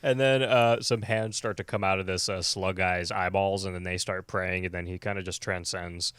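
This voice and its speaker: A man hosting a casual horror podcast, recapping an episode with laughter and quick character voices. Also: sits low, fairly even intonation, a bit bright, clear, resonant tone, no echo, studio quality. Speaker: podcast host.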